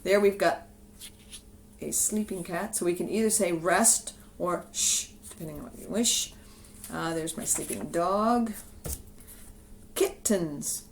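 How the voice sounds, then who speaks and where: A woman's voice: fairly low pitch, slow, long pauses, a little hiss or hum. Woman explaining teaching cards to camera. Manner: relaxed, explanatory, talks directly to camera. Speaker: music teacher. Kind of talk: instructional video talk. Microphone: camera she films herself with.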